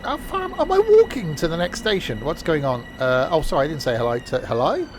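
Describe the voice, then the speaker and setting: A man's voice: a little high, very animated, quick pace, noisy background. A man streaming a train simulator, talking in casual, rambling commentary full of fillers and self-mocking asides, from a home setup.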